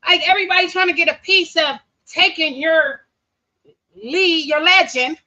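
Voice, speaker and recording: High-pitched blunt woman hosting a stream. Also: pushed and bright, poor audio. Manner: emphatic, blunt, backs up the guest. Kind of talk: casual live-stream chat.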